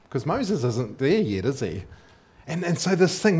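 A man's voice: on the high side, very animated, moderate pace, darkish tone, breathy edge. A man preaching a sermon in a casual, conversational way, often asking the congregation questions and thinking aloud with fillers and restarts.

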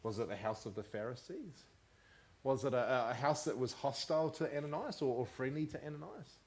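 A man's voice: medium pitch, fairly quick. A man preaching a sermon as pastor, often asking the congregation questions. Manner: animated, asks the congregation questions.

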